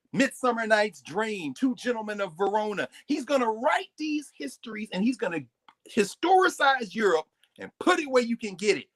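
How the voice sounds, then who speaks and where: A man giving a live, lecture-style talk as the guest on a recurring segment, animated and digressive, often breaking off his own sentences. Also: sits high, normal speed. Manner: animated, digressive, interrupts himself.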